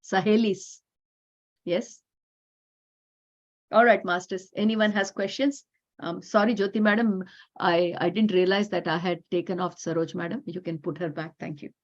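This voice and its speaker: A woman's voice: fairly low pitch, steady tone, normal speed, long pauses, lo-fi sound. A woman with an Indian English accent giving an emphatic, repetitive spiritual talk to a women's group over a video call. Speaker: workshop facilitator.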